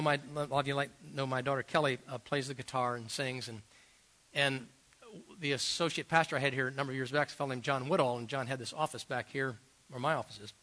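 A middle-aged man, a pastor, preaching a sermon and telling personal stories, swinging between loud emphasis and quiet asides. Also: mid-range voice.

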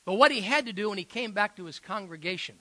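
Middle-aged guy preaching a sermon, high bright voice, earnest and punchy, dry close sound. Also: expressive, fast, dry recording, low-quality recording. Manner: earnest, emphatic, with frequent fillers and restarts. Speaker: pastor. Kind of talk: sermon storytelling.

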